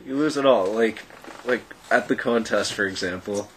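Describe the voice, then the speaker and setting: Low-voiced man explaining weightlifting. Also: normal speed, fairly bright tone, slight background noise, low-quality recording. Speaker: weightlifter, podcast guest. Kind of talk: casual chat.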